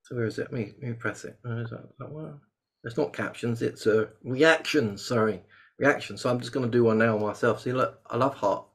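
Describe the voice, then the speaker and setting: A man hosting a webinar over a video call, chatty and joking, with sudden bursts of excitement. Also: mid-range voice, fairly quick. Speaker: host. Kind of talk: casual webinar chat.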